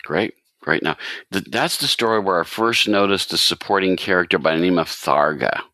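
A man's voice: low-pitched, moderate pace, sharp tone, no echo. A man hosting a podcast interview in casual chat, rambling with many restarts and fillers. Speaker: podcast host.

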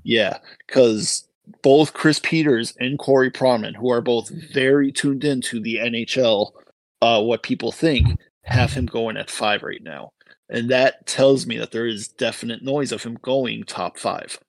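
A man's voice: mid-range voice, unhurried, dry recording, poor audio. A man co-hosting a casual hockey podcast, reading out listener posts and weighing trades in detail. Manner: reads listener posts, analytical. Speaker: podcast co-host. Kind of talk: casual sports podcast chat.

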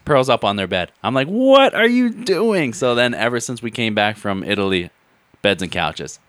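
A man chatting as a podcast guest, joking and quoting himself in animated asides. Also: lowish voice, no room sound. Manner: quick-witted, jokey, quotes himself in animated asides. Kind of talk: casual podcast chat.

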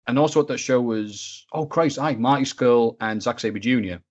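A man telling stories as a podcast guest, animated and swearing freely, acting out other people's voices, and sounding a bit under the weather. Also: medium pitch, normal speed, muffled recording. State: sick, stuffy. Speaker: interview guest, video maker. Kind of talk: casual podcast storytelling.

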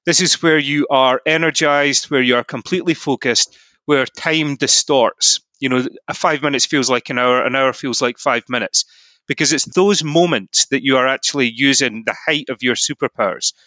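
A man's voice: medium pitch, normal speed, sharp tone, no room sound. A Scottish man talking as a podcast guest, explaining ideas in an earnest way, often saying "you know". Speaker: podcast guest, mindset coach. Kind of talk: casual podcast conversation.

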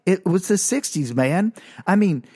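An older man telling a self-mocking comedic story about his childhood, animated and full of sound effects. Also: sits high, a little slow.

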